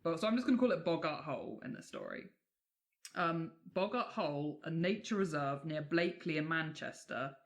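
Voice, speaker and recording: A woman's voice: low voice, animated, a little fast. A woman from England, a podcast co-host telling folklore tales in a chatty way with casual swearing and many fillers.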